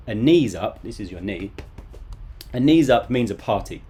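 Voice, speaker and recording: A man's voice: on the low side, animated, normal speed, warm tone, slightly rough. A man in his thirties teaching a live online English lesson from home, casual and chatty with joking asides.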